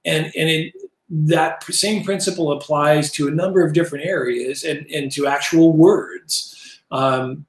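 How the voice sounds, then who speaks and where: A man in his fifties teaching a casual Bible language lesson, digressive and halting, with self-deprecating asides. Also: fairly high pitch. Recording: roomy echo.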